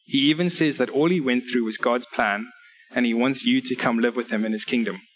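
A man's voice: medium pitch, brisk, low-quality recording. A man preaching a sermon at a church service, reading scripture and laying out numbered points with earnest, direct appeals to his listeners.

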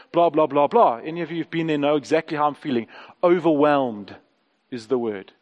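Candid pastor, high voice. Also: male voice. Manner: candid storytelling with repeated phrases. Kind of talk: sermon. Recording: long hall reverb.

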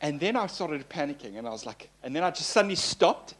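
A man's voice: fairly high pitch, big pitch swings, quick pace. A male pastor preaching in a conversational way, telling personal stories with a self-deprecating tone and frequent fillers.

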